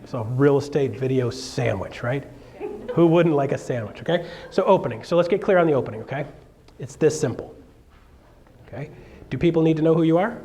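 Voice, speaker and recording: A fairly high-voiced man runs a real estate seminar in an animated, joking way. He keeps asking the room questions and checking that people follow. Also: fairly quick. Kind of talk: live seminar talk.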